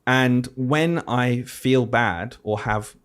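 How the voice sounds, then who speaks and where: A man who teaches and co-hosts a podcast chats casually in a mid-range voice, drawing out his words. He's an animated storyteller who acts out quotes as he tells his stories.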